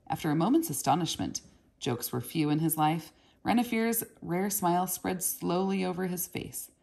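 A woman narrating a children's novel aloud in a steady, measured reading. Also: lowish voice, creaky. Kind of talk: read-aloud storybook narration.

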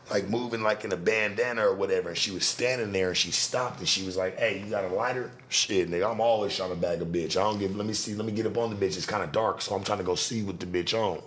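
A man's voice: on the low side, slight background noise. A man hosting a podcast, telling a street story in casual, profane slang. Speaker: podcast host.

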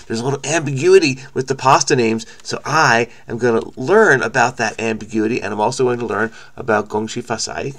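A man with a medium-pitched, gravelly, fairly bright voice hosts a crossword video. His casual think-aloud commentary is frenetic and rambling, full of restarts and stammering.

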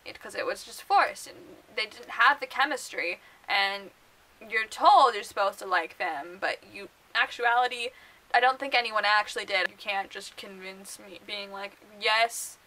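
A young woman rambling through casual book vlog commentary, full of fillers and quick laughs. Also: medium pitch, pushed and bright, low-quality recording. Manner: chatty and rambling, many fillers, laughs often. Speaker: book vlogger.

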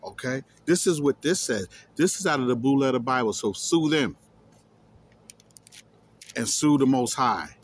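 A man's voice: medium pitch, lively intonation, unhurried, long pauses, slight background noise. A man reading scripture aloud and explaining it emphatically, repeating key words and challenging his listeners. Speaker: scripture teacher.

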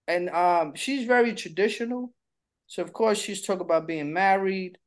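A man's voice: sits high, normal speed. A middle-aged man chatting casually as a co-host, candid and playful, slipping into little impressions while he tells stories. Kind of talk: casual chat.

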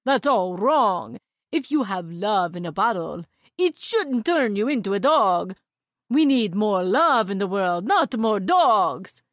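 A woman voicing a frantic, excitable male mad scientist in a children's storybook reading, exclaiming loudly. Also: slow pace, no echo, studio quality. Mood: excited, manic. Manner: loud, exclaiming, with big leaps in pitch.

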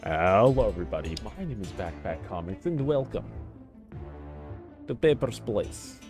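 Low-pitched male streamer, excitable joker, casual gameplay chatter over light background music. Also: moderate pace. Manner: excitable, joking, easily sidetracked. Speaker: gamer streamer. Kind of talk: casual let's-play commentary.

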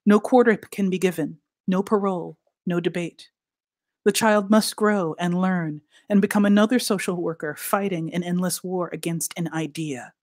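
A woman reading her fiction aloud in a deliberate, expressive way, sinking to soft near-whispers for emphasis. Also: fairly low pitch, no room sound, clean studio sound. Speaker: author reading at a literary event.

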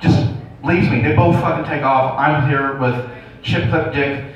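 A man on stage telling a crude, self-mocking story as a stand-up comedian, his voice sitting a touch high. He sounds far from the microphone, and the room rings with heavy echo. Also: fairly even intonation, measured pace. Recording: echoey room, distant dull mic.

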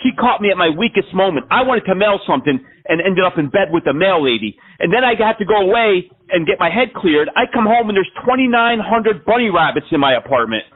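High-voiced man ranting over a tinny phone line. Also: lively intonation, a little fast, hardly any pauses, slightly rough. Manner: rambling, exaggerated complaints. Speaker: scambaiter prank caller. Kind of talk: absurd prank phone call.

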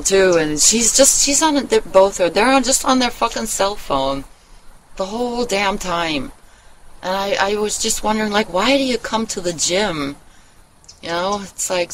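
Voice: mid-range voice, a bit bright, slight background noise, low-quality recording. A vlogger talking in a loose, rambling monologue, blunt and full of swearing, often trailing off and starting over. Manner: blunt and profane, trails off and restarts. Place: at home, living in Germany.

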